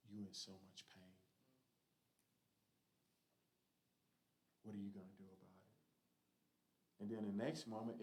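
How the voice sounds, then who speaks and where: A man leads a church Bible study in a middle-pitched voice. He talks earnestly and with emphasis, like a conversational preacher. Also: a little mellow, rough recording.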